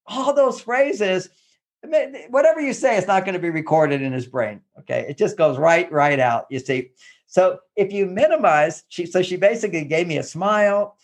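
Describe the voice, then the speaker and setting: This Texan therapist and relationship author gives casual advice in an animated way, often acting out the phrases he quotes. His voice is high-pitched and expressive, and he speaks at a normal speed.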